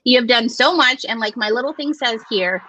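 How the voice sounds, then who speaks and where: A woman's voice: on the high side, brisk, bright, forceful tone, slight background noise. A woman from Hawaii co-hosting a casual video chat, emotional and close to tears as she thanks her mother. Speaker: co-host.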